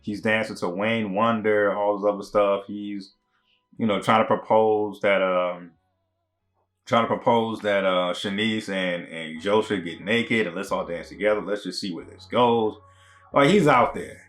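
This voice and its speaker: Casting note: a man with a lowish voice doing a loose, slangy TV review, faint music underneath. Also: measured pace, fairly bright tone. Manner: rambling and conversational, with many fillers and slang. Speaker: TV show reviewer. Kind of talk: casual recap commentary.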